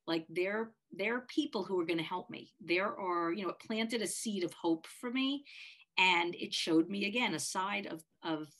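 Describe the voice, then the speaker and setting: A middle-aged woman co-hosting a podcast, telling a personal story in a heartfelt, halting way with many restarts. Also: mid-range voice, a bit bright. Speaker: podcast co-host, parent of a child with a disability.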